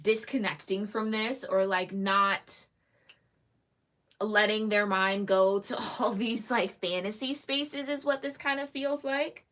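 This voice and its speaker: A woman with a mid-range voice gives a casual tarot reading to camera at a slow pace. She's chatty and lively, giggling often and tossing in asides as she reads alone.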